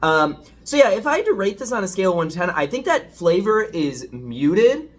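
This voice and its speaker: A man's voice: sits high, very animated, moderate pace. A man chatting casually as a food reviewer, rambling and hesitant, self-deprecating as he hunts for words, with a dishwasher running in the background. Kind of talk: casual home review vlog.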